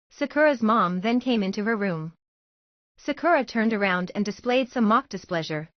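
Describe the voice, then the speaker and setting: A woman reading a fan-fiction story aloud in a steady, even narrating voice. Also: medium pitch, normal speed, no echo, dull audio. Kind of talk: audiobook-style story narration.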